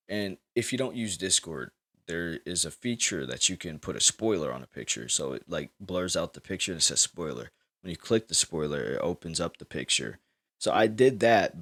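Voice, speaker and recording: Deep-voiced man rambling as a host. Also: fairly bright tone. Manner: rambling, profane, loose storytelling. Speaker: podcast host. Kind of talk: casual chat.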